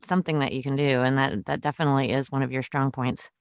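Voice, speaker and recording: Smooth-voiced woman in casual chat. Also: extremely low pitch, flat delivery, quick pace, no room sound. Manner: supportive, laughs often, wry. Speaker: podcast co-host.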